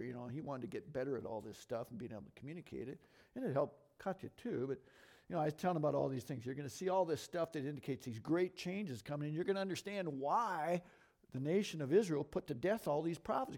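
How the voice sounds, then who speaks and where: A middle-aged man leading a Bible teaching, talking quickly and conversationally, tossing questions out to his listeners. His voice sits a little higher than most men's. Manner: lively, conversational, talks fast and asks the audience questions. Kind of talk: sermon teaching to a congregation.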